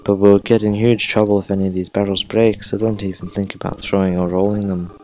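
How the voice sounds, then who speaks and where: A man's voice: fairly low pitch, level tone, brisk, dark tone, lo-fi sound, a little hiss or hum, natural voice. A man voicing a skinny, eager young male student in an odd put-on accent, reading game dialogue aloud.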